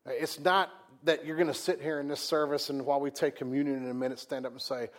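Male pastor, mid-pitched, conversational preacher with loud, emphatic peaks and hushed drops. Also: flat delivery, fast, hardly any pauses. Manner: conversational, repeats words and restarts. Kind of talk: sermon.

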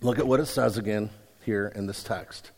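A man preaching a sermon, talking in a casual, storytelling way and rising to forceful emphasis. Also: on the low side, fairly even intonation, normal speed, breathy edge. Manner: conversational preaching with anecdotes, builds to forceful emphasis. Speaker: pastor. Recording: long reverb of a large hall.

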